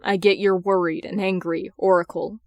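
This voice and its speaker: A woman's voice: mid-range voice, little pitch movement, a little mellow, dry recording, lightly acted. A woman voicing a stern, worried father and vigilante in a fan audiobook reading. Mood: firm. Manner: measured, slow, authoritative.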